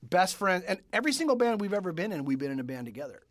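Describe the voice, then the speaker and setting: A man from California, a podcast guest telling animated stories, acting out voices and stumbling over quick restarts. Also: high voice, no echo. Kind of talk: storytelling in conversation.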